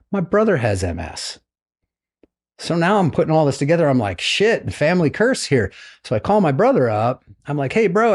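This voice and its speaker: Animated American man telling a story. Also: mid-range voice, husky. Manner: animated storyteller, acts out quoted voices. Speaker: podcast guest, retired naval flight officer. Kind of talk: casual storytelling interview.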